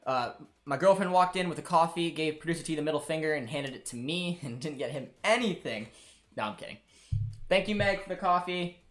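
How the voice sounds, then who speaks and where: A man's voice: on the high side, animated, a little fast. A man hosting a live football watchalong stream, chatting casually and rambling to his viewers and producer. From Canada. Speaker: host. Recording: faint music behind.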